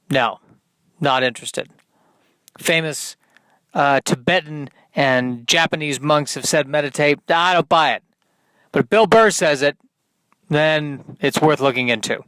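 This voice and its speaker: A man hosting a solo podcast, rambling through deadpan, self-deprecating asides. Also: mid-range voice, no echo. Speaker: podcast host. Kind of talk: solo comedic monologue.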